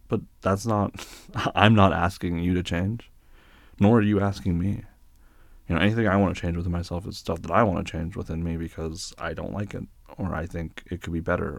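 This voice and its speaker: A young man speaks in a deep, husky voice with a gravelly edge, recorded dry and close. He plays a tender boyfriend role-play, reassuring and patient. His speech is soft, with little stammers and restarts. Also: no room sound.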